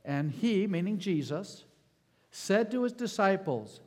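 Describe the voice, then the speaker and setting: A male pastor preaching a sermon, slow and emphatic, calling out for amens and closing in prayer. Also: sits high, lively intonation. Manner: slow, emphatic preaching with rising calls of amen.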